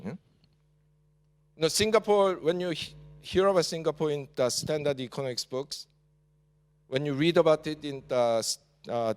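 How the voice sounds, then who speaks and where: A man from South Korea with a Korean accent gives a university lecture in English. He talks with many "uh" fillers and ends points with a questioning "yeah?". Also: medium pitch. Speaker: guest lecturer. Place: large lecture hall. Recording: reverberant lecture hall.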